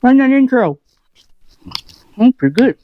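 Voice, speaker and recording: He hosts a motovlog and speaks in an extremely high, sing-song voice, a little slowly, rambling casually with his mouth full while he eats in his home shed. The sound is phone-quality with no room sound.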